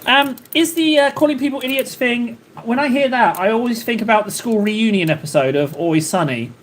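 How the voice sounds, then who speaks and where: With an extremely high-pitched voice and a slightly fast pace, a man hosts a livestream against slight background noise. He's rambling and jokey, reading the live chat and chatting casually, constantly interrupting himself and leaning on fillers.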